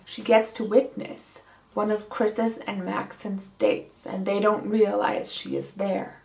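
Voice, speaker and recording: A woman's voice: medium pitch, fairly even intonation, measured pace, vocal fry. Snarky young woman recapping a book. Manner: sarcastic and snarky. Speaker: book vlogger. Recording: roomy echo.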